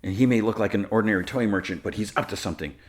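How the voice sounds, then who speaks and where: A man's voice: lowish voice, racing, natural voice. A man voicing a determined woman reporter who sounds impatient and exasperated. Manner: impatient and sharp.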